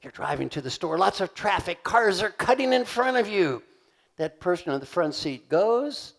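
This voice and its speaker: An older man from the United States giving a motivational keynote to a conference audience, animated and acting out voices as he asks the crowd questions. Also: sits high, moderate pace, gravelly. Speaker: keynote speaker. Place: large conference hall.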